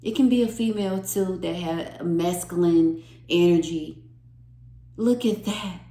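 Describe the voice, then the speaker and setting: A woman's voice: on the low side, measured pace, mellow, echoey room, rough recording. A woman giving an emotional, earnest tarot reading to her viewers, repeating phrases for emphasis. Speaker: tarot reader.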